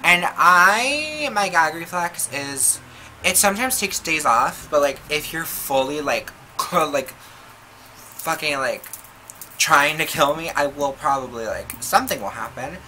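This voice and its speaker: A woman's voice: sits low, lively intonation, a little slow, sharp tone, slight background noise, poor audio. A young woman vlogger telling a casual storytime, chatty and swearing, with constant filler words. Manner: chatty, filler-heavy, profane. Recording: music playing behind the voice.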